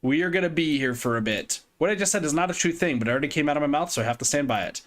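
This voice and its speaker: A man's voice: fairly high pitch, animated, rapid-fire, fairly bright tone. A young man streaming a game, reading narration aloud in a playful, jokey way. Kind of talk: reading a visual novel aloud while streaming.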